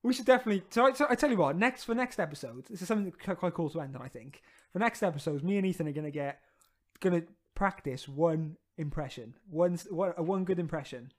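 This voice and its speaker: A man co-hosting a podcast, joking and laughing through quick, casual banter into a podcast mic. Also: fairly high pitch. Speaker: podcast co-host. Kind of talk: casual chat. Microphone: podcast mic with headphones.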